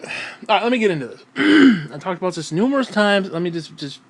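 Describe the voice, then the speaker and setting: Breathless, swearing man with a lively voice. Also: high voice, fairly quick. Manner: profane, rambling, sarcastic, sighs and throat-clearing. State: short of breath. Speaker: vlogger. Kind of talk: casual ranting monologue. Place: at home with his dog.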